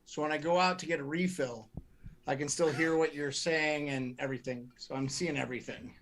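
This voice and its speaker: A gravelly, bright and somewhat high man's voice, chatting as a podcast co-host over a video call. He rambles and restarts his sentences often, so his talk comes out halting. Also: steady tone, slight background noise. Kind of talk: casual chat.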